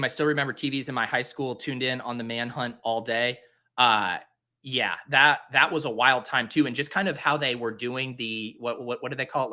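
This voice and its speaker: A man's voice: mid-range voice, bright, forceful tone. A young man hosting a fantasy football show, chatting casually and theatrically mocking himself in exasperation. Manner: theatrical, exasperated self-mockery. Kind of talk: casual solo commentary while drafting.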